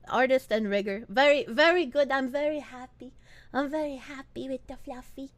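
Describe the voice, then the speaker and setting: A woman streamer chatting casually with her viewers, playful and crude, with lots of swearing. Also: high-pitched. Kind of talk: casual live-stream chat.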